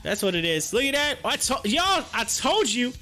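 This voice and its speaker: A man hosting a live stock-market stream, chatting excitably with his viewers and reading their comments aloud. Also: extremely high pitch, normal speed, soft background music.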